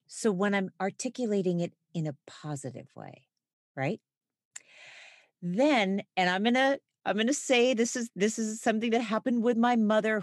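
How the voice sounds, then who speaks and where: A woman speaking in an expressive, reflective way in a conversational podcast. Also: fairly low pitch, no echo, clean studio sound.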